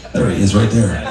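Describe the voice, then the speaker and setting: A man's voice: medium pitch, far from the mic. A man performing in a bar, teasing the crowd with jokes between songs. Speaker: bar singer and guitarist. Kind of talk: live stage banter between songs. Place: bar, indoors. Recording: echoey bar taped from afar, guitar.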